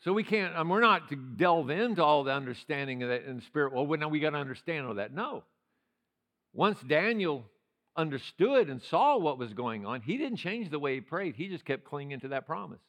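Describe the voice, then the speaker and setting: An older male pastor preaching a sermon in a church, swinging from loud shouted passages to quiet, conversational storytelling. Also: on the high side, very animated, normal speed. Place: church sanctuary.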